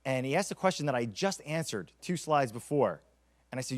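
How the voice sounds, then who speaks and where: Fast-talking energetic keynote man. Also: medium pitch. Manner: energetic, storytelling, acts out quotes. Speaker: keynote speaker. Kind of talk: conference keynote talk.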